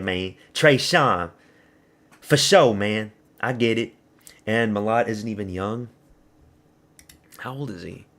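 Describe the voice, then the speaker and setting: A man with a lowish, slightly bright voice runs a live fight watch party stream. He gives casual commentary on the action, fields viewer questions, and swears plenty.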